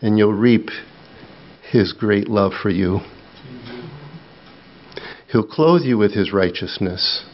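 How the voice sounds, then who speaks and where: A middle-aged man preaching a sermon, slow and earnest, dropping low and quiet when he tells his own story. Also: slight background noise. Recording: dull lo-fi sound.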